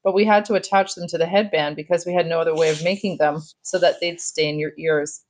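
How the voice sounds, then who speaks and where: An upbeat male ear doctor from a storybook, voiced by a woman reading aloud, coaxing and friendly. His tone stays on the low side and sounds like an everyday voice. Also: steady tone, fast, a little mellow, lightly acted, poor audio. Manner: cheerful, coaxing.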